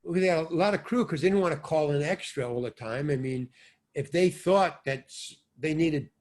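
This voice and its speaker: An older man, an actor and stand-up comedian, telling rambling anecdotes as an interview guest, with sudden swings between loud and soft. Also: fairly high pitch, moderate pace. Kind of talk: casual anecdotal storytelling.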